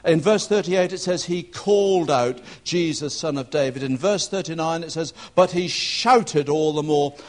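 A preacher delivers a sermon as a told story. He pitches his voice fairly high for a man, and he raises it further when he acts out the shouting in the scene. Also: moderate pace, hardly any pauses.

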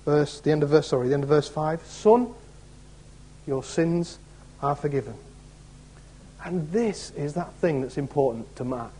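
Husky male preacher. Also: fairly high pitch, a little mellow, low-quality recording. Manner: conversational, asks rhetorical questions. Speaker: assistant pastor. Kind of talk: sermon.

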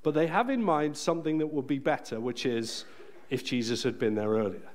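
A man preaching a sermon in a church, earnest and emphatic, slowing down to stress key phrases. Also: mid-range voice.

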